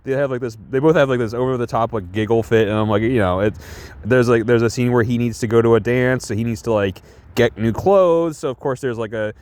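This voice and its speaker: A man rambles casually through a movie he's reviewing, full of fillers and restarts and frequent chuckles. His voice is medium-pitched and darkish, and he speaks briskly.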